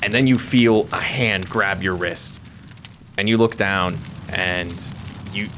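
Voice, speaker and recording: A man's voice: low voice, slow pace, noisy background. A man acting as game master, narrating a tabletop game in dramatic, vivid second-person storytelling. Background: background music.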